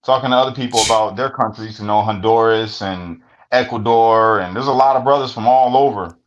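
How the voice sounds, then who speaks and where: A podcast co-host tells stories casually in a blunt, profane, plain-spoken manner. His voice is fairly low and a little quick, and the recording sounds dull and lo-fi.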